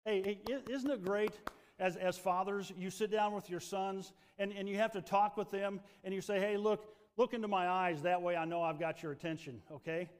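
A middle-aged man preaching a sermon, fervent, dropping to a hush and then rising loud again. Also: sits high, fairly even intonation, normal speed, in a large hall. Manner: fervent, swings between hushed and loud. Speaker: pastor.

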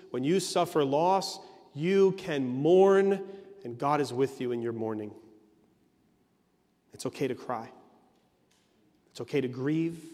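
A man's voice: fairly high pitch, mellow, in a large hall. A man preaching an earnest sermon as a pastor, leaning on emphatic repetition.

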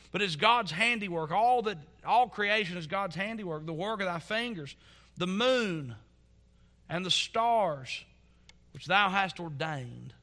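A pastor with a high-sitting voice preaches a sermon in church, earnest and building to fervent emphasis before dropping into soft asides.

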